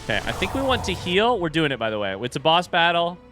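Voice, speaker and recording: A man giving live commentary on a video game, reacting loudly and talking to chat. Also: a little high, very animated, fast talker, over music. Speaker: streamer playing a video game.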